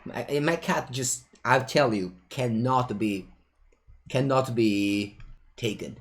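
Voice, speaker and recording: Taking things slowly in a medium-pitched voice, a man chats playfully through a digital card game. The commentary is casual and live, and he breaks off at times to talk to his cat.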